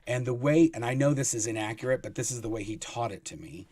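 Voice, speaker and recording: A man telling rambling, animated anecdotes as a guest, with many restarts. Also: mid-range voice, quick pace, no room sound. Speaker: guest, former Sea Org member. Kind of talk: casual storytelling in an interview.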